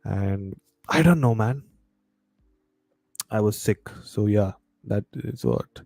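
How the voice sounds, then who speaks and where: A man's voice: lowish voice, expressive, takes it slowly, creaky, a little mellow, no echo, studio quality. A man with a bad cold, hosting a casual live stream, chatting and reading viewer comments aloud. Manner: chatty, reads viewer comments aloud, mixes Hindi into English.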